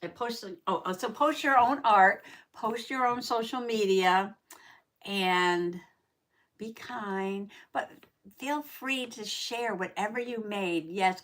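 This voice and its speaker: A woman hosting a casual craft livestream, chatty and quick to laugh, reading out chat comments and repeating herself, with allergies that make her clear her throat. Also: mid-range voice, a bit bright. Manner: says howdy and reads chat comments aloud.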